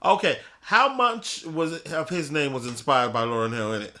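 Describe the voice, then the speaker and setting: Lively, teasing man. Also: on the high side. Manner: teasing, slangy, quick interjections. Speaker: podcast host. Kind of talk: casual conversation.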